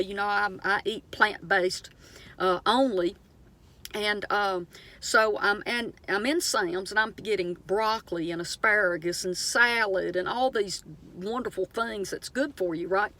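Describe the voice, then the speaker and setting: Middle-aged Southern woman, earnest and preachy, rambling vlog storyteller. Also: medium pitch. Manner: earnest, preachy, animated storytelling with many fillers. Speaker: vlogger. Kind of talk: casual inspirational monologue.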